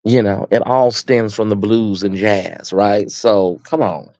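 A man's voice: fairly low pitch, unhurried, mellow, no echo, muffled recording. A man with an American accent hosting a casual live stream, chatting sassily with his viewers and calling them honey and baby. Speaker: host.

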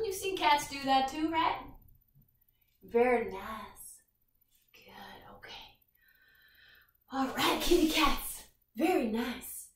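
A woman's voice: high voice, a bit bright, roomy sound, recorded from a distance. A woman leading a yoga class for young children, cheerful and sing-song, making animal sounds with them. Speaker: kids' yoga instructor. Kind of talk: guided kids' yoga class.

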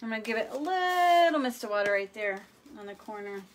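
Chatty, playful female host, fairly high voice, talking viewers through a live painting demo. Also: lively intonation, fairly quick.

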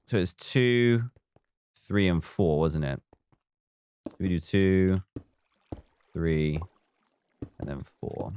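A man's voice: sits low, expressive, extremely slow, pauses often, darkish tone, clear, resonant tone, no echo. A man live streaming a building game, chatting casually, reading viewer comments aloud and counting blocks as he works.

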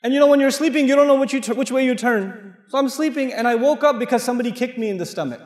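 High-voiced man lecturing in an echoey mosque hall. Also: very fast. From Pakistan. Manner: animated storyteller who acts out dialogue and jokes with the crowd. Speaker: Islamic lecturer. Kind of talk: mosque lecture with personal stories. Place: large mosque hall with audience. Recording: echoey hall with long reverb.

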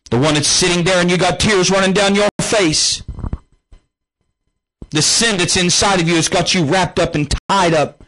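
A man's voice: high voice, fairly even intonation, normal speed, fairly bright tone, low-quality recording. A man preaching a televised healing sermon as a pastor, fervent and rising and falling in intensity. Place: studio without choir or organ. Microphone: studio camera mic.

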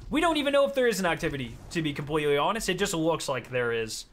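A young male streamer chatting over his gameplay in a slightly high, bright, forceful voice. He is excitable, swears freely and breaks into sudden loud outbursts. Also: very fast, a little hiss or hum. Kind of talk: casual gameplay commentary.

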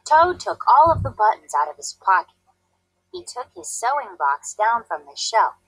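A woman teacher reading a storybook aloud to a class, clear, deliberate and expressive. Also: fairly high pitch, no echo, poor audio.

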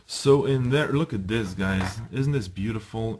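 A man giving a casual, enthusiastic unboxing review, chatting to viewers and pausing with ums as he handles the items. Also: lowish voice, darkish tone. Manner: enthusiastic, chatty, often addresses viewers as guys; hesitant, with ums and restarts while handling items. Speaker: video reviewer.

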